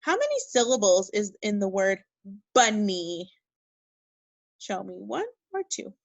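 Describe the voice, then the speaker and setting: A woman teaching a second grade phonics lesson, speaking slowly and encouragingly and spelling words out letter by letter. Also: mid-range voice, sing-song, gravelly, dry recording, lo-fi sound. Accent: Minnesota. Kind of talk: recorded remote phonics lesson.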